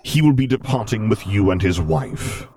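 A man reading a story, voicing a stern, imperious armored lord who speaks slowly and with command. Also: on the low side, animated, mellow, a little hiss or hum, pitched above the performer's own voice, natural voice. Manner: slow, commanding.

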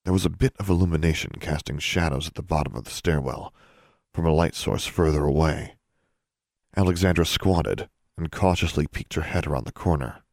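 A man narrating a fantasy audiobook in a measured, suspenseful storytelling manner. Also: a bass voice, vocal fry, no room sound, studio quality.

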